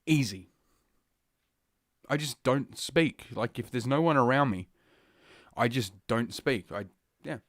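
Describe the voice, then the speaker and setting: A man hosts a solo podcast, rambling through a crude, heavily profane rant while a little out of breath. His mid-range voice is animated and fairly bright, slow with frequent pauses, recorded on a podcast microphone in clean studio sound without echo.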